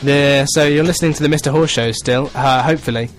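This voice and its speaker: A man's voice: mid-range voice, quick pace, soft background music. A young man co-hosting a student radio show, joking and playful in casual chat. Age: young adult. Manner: playful, joking, silly voices.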